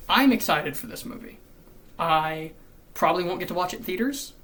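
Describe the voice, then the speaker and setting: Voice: medium pitch, unhurried, long pauses. Foul-mouthed ranting vlogger, mic a bit distant. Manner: profane and exasperated, with frequent cursing and repetition; animated, swinging between loud outbursts and muttered asides. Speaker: YouTube commentator. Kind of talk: unscripted ranting commentary. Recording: slightly distant mic with faint background noise.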